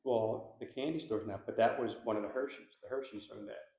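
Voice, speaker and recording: Gravelly Philly paranormal investigator. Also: male voice, on the low side, fairly quick. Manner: animated, slangy, says "dude". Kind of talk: casual interview chat. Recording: echoey room, dull sound.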